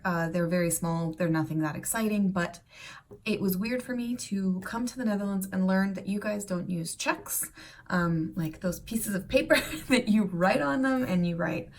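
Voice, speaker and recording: A woman's voice: mid-range voice, far from the mic. A woman from the United States talking casually to her viewers in a chatty, rambling way with many fillers and restarts. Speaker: vlogger. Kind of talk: casual talk to camera.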